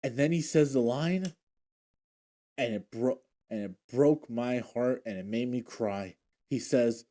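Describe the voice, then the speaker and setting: A man's voice: medium pitch, unhurried, dark tone. A man recapping TV episodes in a casual, emotional way, often restarting his sentences as he retells scenes. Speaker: show recap vlogger. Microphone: handheld or desk mic he adjusts.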